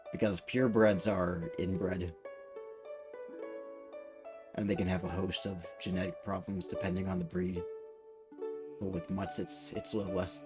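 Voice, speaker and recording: A man's voice: fairly low pitch, a little mellow. A man streaming a video game, telling a rambling story with fillers and restarts. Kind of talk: casual let's-play chat.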